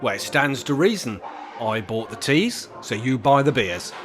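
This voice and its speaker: A man's voice: medium pitch, lively intonation, unhurried, a bit bright, soft background music. A man playing a cantankerous pensioner in a comedy sketch, grumpy, sarcastic and bossy. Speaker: cantankerous old pensioner character.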